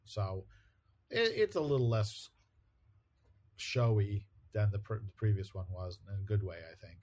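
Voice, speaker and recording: A man with a fairly low voice retells a comic book story in a relaxed, chatty way. He is a podcast co-host who now and then slips into quick character voices for quoted lines. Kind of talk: casual chat recapping a comic.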